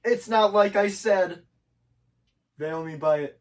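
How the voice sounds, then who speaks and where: Giggly young man, slightly high voice. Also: slow. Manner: giggly, teasing, rambling. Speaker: podcast co-host. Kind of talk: casual chat.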